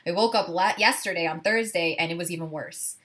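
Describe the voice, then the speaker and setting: A woman's voice: lowish voice, fairly quick, fairly bright tone. A woman co-hosting a podcast, telling a story in a chatty way, full of "like" and the odd swear word. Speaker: podcast co-host. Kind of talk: casual chat.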